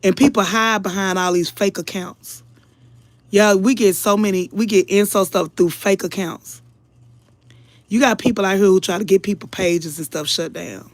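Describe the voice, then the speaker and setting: A woman's voice: mid-range voice, fairly even intonation, normal speed, no echo. A woman commentator talking casually to her viewers, earnest and emotional, preaching a little and calling them y'all again and again. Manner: earnest, preachy, keeps addressing the audience as y'all. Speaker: online commentator.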